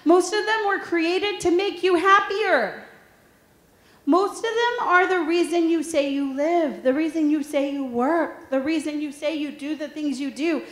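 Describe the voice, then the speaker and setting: A woman's voice: high voice, a little slow. A woman in her thirties presenting a workshop, telling funny stories and asking the audience questions. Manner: lively storytelling, asks the audience questions. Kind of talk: humorous motivational talk to an audience. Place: large room with an audience. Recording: echoey room.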